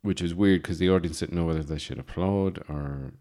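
A man's voice: deep voice, fairly quick, dark tone. A man in his thirties with an Irish Midlands accent, telling rambling, self-mocking comic stories with lots of fillers and restarts. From Ireland. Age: 30s. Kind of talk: casual comic monologue.

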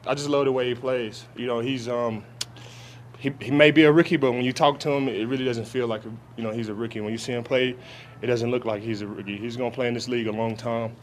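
A young adult man, a football player, answers reporters' questions at an outdoor training camp in a medium-pitched, steady voice with slight background noise. His press conference replies are halting, and he often restarts sentences and leans on fillers.

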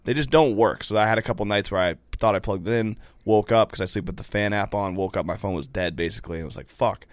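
Young male podcast regular, low, dry sound, defensive rambler. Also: fast talker, few pauses, no echo. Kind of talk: casual chat.

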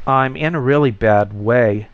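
A man's voice: fairly high pitch, normal speed, smooth, voice pushed up, close to an everyday voice. A man voicing a whining male street beggar who pleads for spare change. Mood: pleading. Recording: dull lo-fi recording.

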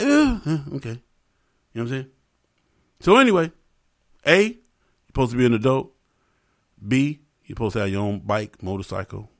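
Hosting his podcast, a man rants in a loose, jokey, profane style and keeps turning aside to talk to his audience. His medium-pitched voice is lively, moderately paced, and often pauses.

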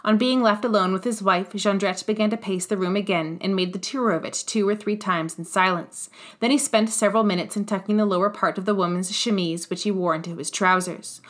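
A woman narrating a classic novel in an audiobook, measured and expressive. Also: medium pitch.

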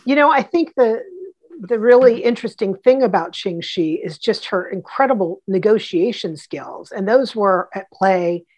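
A woman guest on an interview, telling history anecdotes in a lively way with many restarts. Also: medium pitch, moderate pace. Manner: animated, acts out quotes, many restarts. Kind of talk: casual storytelling.

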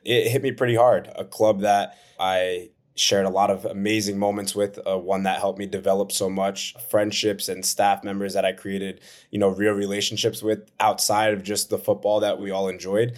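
A man's voice: lowish voice, level tone, moderate pace, few pauses. A man, a footballer answering interview questions in an earnest, reflective way. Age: 20s. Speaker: professional footballer, guest.

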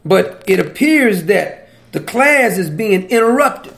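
A man preaching with a high voice. His talk is conversational and teasing. He keeps asking his listeners questions and chuckles at his own points. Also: sing-song, slow, creaky, a bit bright. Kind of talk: sermon.

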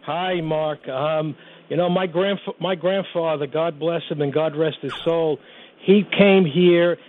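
A male caller to a radio show, telling his story haltingly with restarts. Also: fairly high pitch, fairly even intonation, slight background noise. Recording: tinny phone line.

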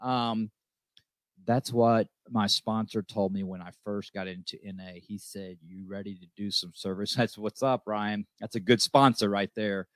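A man's voice: on the low side, steady tone, measured pace, no echo. Emphatic man talking recovery, dry sound. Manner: emphatic, repeats lines, says "okay?" often. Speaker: host of a recovery show. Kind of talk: heartfelt recovery talk.

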